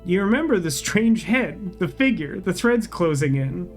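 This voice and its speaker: Game streamer reading the story out loud, pitch all over the place, snarky side comments, faint music in the back. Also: expressive, normal speed, hardly any pauses. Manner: wry, sarcastic asides.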